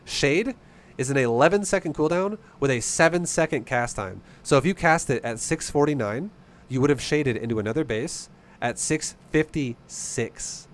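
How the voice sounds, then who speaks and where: A man's voice: medium pitch, lively intonation, moderate pace. A man coaching a player through a game replay in a casual, blunt, profane and passionate way. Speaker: StarCraft coach.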